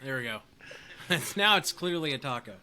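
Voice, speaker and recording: Goofy, lively-voiced male co-host. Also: a little high, moderate pace. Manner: goofy, teasing, trails off and mumbles. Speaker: podcast co-host. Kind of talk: casual podcast banter.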